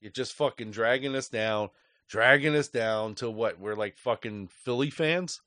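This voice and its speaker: A man in a sports fan talk show, swearing constantly and ranting in loose, rambling bursts. His voice sits in an ordinary middle pitch, recorded close and dry with no room sound. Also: unhurried, a bit bright, no room sound. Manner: angry, profane, rambling. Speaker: sports podcast host.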